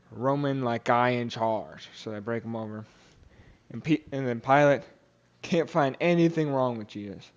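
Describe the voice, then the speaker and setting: A young man at a middle pitch retells scripture in a loose, casual way, stopping for fillers and restarting phrases. He speaks the characters' lines aloud as he goes. The recording sounds a little dull and lo-fi. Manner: casual, many fillers and restarts, acts out quotes. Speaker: podcast host. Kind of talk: casual Bible study retelling.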